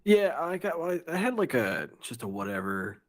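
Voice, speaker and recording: A man's voice: fairly high pitch, sing-song, moderate pace. A man calling into a live show, talking in a laid-back, matter-of-fact way. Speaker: caller. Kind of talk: casual phone-in chat.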